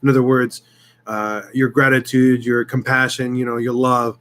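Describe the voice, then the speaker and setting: A man's medium-pitched, fairly bright voice holds a level tone at a moderate pace as he hosts a casual live-stream chat on his YouTube channel. Heartfelt and rambling, he gets emotional and restarts many times.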